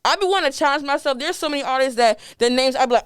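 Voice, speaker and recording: Her voice sits high and moves very fast, recorded with clean studio sound and no room tone. She's a young podcast host from the DMV area with an American accent, chatting casually, laughing a lot, her volume swinging lively.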